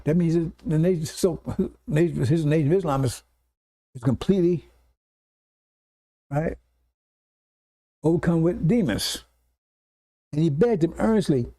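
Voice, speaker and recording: A man preaching a scripture lesson to a congregation, explaining point by point and often checking in with quick "see?" and "right?" asides. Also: on the high side, lively intonation, warm tone. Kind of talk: sermon lecture to congregation.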